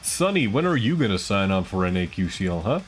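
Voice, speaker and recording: A man's voice: deep voice, sing-song, fairly quick, soft background music. A man doing casual live esports commentary, chatty and rambling, teasing the chat between plays.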